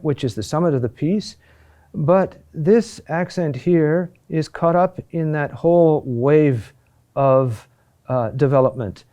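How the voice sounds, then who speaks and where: A middle-aged man teaching a class on chant, speaking deliberately with many pauses and fillers. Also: a little high, dark tone. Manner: slow and deliberate, with frequent "uh" pauses. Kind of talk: classroom lecture.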